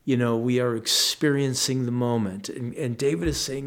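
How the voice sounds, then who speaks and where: A man speaking as a pastor, giving a conversational, earnest Bible teaching with frequent restarts and soft asides. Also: mid-range voice, a little slow, hardly any pauses.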